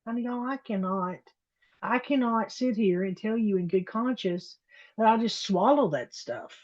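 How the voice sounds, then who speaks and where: A woman's voice: medium pitch, lively intonation, moderate pace, darkish tone, lo-fi sound. A woman giving a blunt, sassy casual opinion monologue and talking straight to her viewers. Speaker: political commentary creator.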